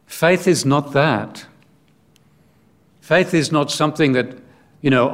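A man preaching a sermon in a deliberate way, posing rhetorical questions. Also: medium pitch, fairly bright tone.

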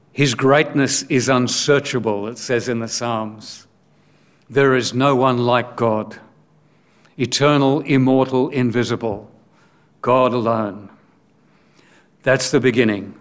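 Male preacher, unhurried sermon delivery, measured and questioning. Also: mid-range voice, fairly bright tone. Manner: slow, deliberate, with rhetorical questions.

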